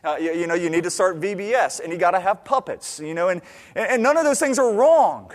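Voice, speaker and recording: A man's voice: high voice, expressive, fairly quick. A man preaching a sermon in a conversational way, often stammering and restarting his sentences. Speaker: pastor. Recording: long hall reverb.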